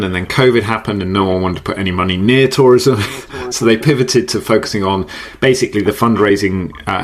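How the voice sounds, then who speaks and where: A man speaking as a podcast guest, explaining ideas in an animated way, often repeating words and laughing easily. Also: lowish voice. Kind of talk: conversational podcast interview. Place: based in the UK.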